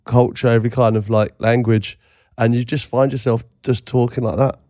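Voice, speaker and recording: A man's voice: medium pitch, flat delivery, normal speed, warm tone, no room sound, studio quality. A man co-hosting a casual podcast chat, a jokey storyteller who laughs at his own jokes. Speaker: podcast co-host.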